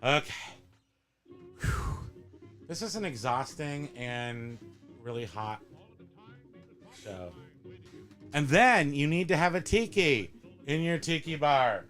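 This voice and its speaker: A host leads a casual show-and-tell chat at his home tiki bar, rambling, joking and correcting himself. His slightly high voice is animated and fairly bright, slow with long pauses, and faint music plays behind.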